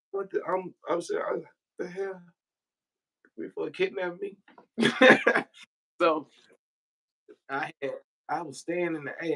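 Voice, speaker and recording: This mid-range voice belongs to a man from Memphis, Tennessee who spins loose, profane stories during a livestream, laughing and using slang. The recording quality is low.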